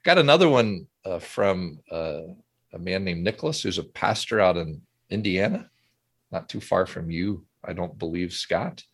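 Genial, low-voiced middle-aged podcast host. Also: male voice, expressive, moderate pace, fairly bright tone, no room sound. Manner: chatty, genial, often chuckling. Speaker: podcast host, seminary professor. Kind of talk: casual podcast chat.

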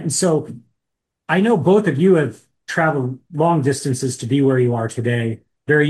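A man's voice: mid-range voice, a little mellow. A man, co-hosting a casual podcast chat with joking asides and restarts. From Indiana. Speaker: podcast co-host.

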